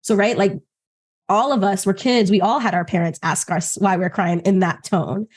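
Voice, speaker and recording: A woman's voice: medium pitch, moderate pace. A woman co-hosting a podcast in casual chat, talking animatedly with lots of fillers and acted-out quotes. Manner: animated, acts out quoted voices, many fillers. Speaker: co-host.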